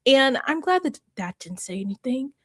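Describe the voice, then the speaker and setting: A woman's voice: sits high, very animated, normal speed, breathy edge, dry recording, clean studio sound. A woman hosting a casual reaction chat, talking with laughs and acting out quotes. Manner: chatty, laughs often, acts out quotes. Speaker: host.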